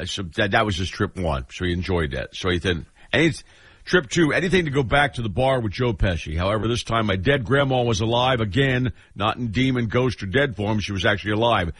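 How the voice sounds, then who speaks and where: Deep husky laid-back male radio host. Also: animated, fairly quick, a bit bright, dry recording. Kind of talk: casual radio talk, reading listener messages.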